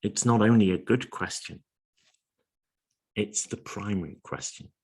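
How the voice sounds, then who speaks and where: A man preaching a sermon in an earnest, measured way, asking his listeners question after question. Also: on the low side, a little mellow, breathy edge.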